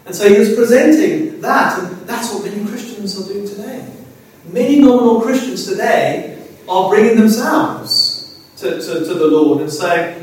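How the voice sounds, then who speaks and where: A man with a high voice delivers a sermon with earnest, halting phrasing. He stumbles over repeated words and often asks his listeners rhetorical questions. He is heard from a distance in a hall with heavy echo. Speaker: preacher. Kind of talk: expository sermon. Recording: very echoey hall, speaker far from mic.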